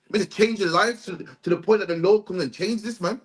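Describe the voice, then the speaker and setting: High-voiced emphatic man teaching. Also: fairly quick. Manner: emphatic, tags sentences with "man". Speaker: religious teacher. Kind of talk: bible study lecture.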